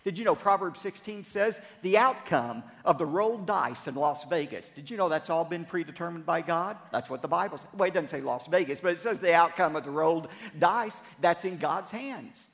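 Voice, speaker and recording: A man's voice: on the high side, lively intonation, normal speed, hardly any pauses, a bit bright, in a large hall. A man preaching a sermon as pastor, emphatic and leading the congregation in repeated phrases, recorded in a church sanctuary.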